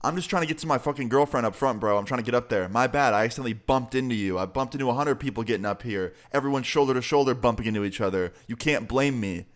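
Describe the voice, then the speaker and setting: A man voicing a huge, muscular, hotheaded man who taunts and yells with lots of swearing. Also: mid-range voice, quick pace, hardly any pauses, lightly acted. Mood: defensive rant. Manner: taunting, profane, yelling.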